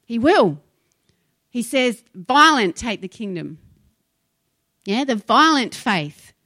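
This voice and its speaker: A woman's voice: a little high, sing-song, slow pace, sharp tone, dry recording. A woman pastor preaching a sermon, emphatic and impassioned, telling stories to her congregation.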